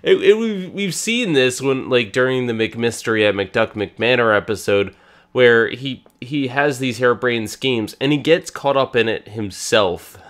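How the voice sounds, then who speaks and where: A man with a cold, co-hosting a casual fan discussion podcast, talking in an excited and halting way with many restarts. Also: mid-range voice. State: has a cold. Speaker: podcast co-host.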